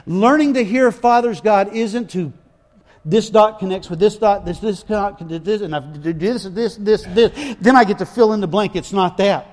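A man's voice: high-pitched, normal speed. A man preaching a sermon in an emphatic, folksy way, often repeating his phrases.

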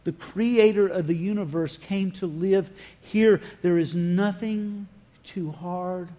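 A man's voice: high voice, takes it slowly, dark tone. A man preaching a sermon, retelling scripture dramatically and acting out the dialogue with rising and falling emphasis. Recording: long hall reverb.

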